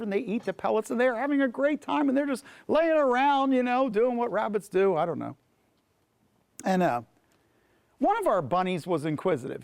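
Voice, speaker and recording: A male pastor teaching a Bible class tells a story with lots of animation, his fairly high voice swinging up and down. He often repeats words as he goes. The sound is dry and close. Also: a little mellow, no room sound.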